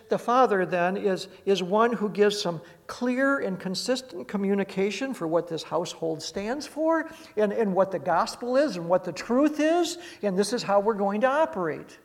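Male pastor, high voice, preaching in a reverberant sanctuary, scripture reading mixed with casual asides. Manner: reads scripture aloud, then explains in plain conversational asides. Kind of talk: sermon.

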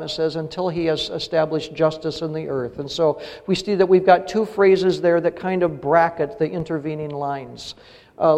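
A middle-aged pastor delivers his sermon in a gravelly, slightly high voice. He talks earnestly and climbs to emphatic peaks on key phrases. The sound rings with the long reverb of a church hall. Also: darkish tone. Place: church sanctuary.

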